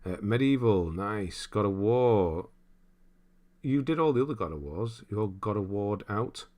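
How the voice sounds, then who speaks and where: A young man with a low voice hosts a laid-back gaming livestream, meandering through viewer comments. He laughs a lot while he talks and speaks a little slowly.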